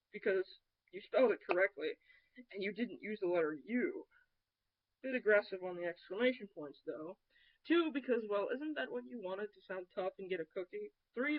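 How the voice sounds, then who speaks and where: A woman vlogger rants in a sarcastic, cutting way, blunt and unafraid to swear. Her voice sits at an ordinary middle pitch. The sound is dull and lo-fi, like a cheap home recording. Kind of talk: ranting vlog monologue.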